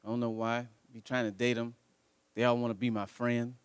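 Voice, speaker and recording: A man doing a stand-up routine, swinging between low mutters and loud outbursts. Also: flat delivery, brisk, clean tone, dry recording. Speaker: stand-up comedian.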